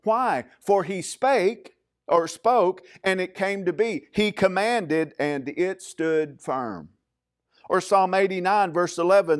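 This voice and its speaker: A man preaching a sermon as pastor of a church, speaking in a measured, emphatic way with frequent fillers. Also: high-pitched.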